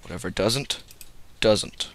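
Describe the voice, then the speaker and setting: Brief: goofy rambling game commentator, bright tense voice, slow delivery, male. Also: slight background noise. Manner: goofy, rambling, joking to viewers. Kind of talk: casual gameplay commentary.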